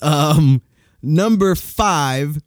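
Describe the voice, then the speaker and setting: A man's voice: fairly high pitch, drawn-out words, no room sound. A man co-hosting a casual studio podcast, joking and swearing freely as he banters. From New Jersey. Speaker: podcast co-host. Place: recording studio. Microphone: studio microphone.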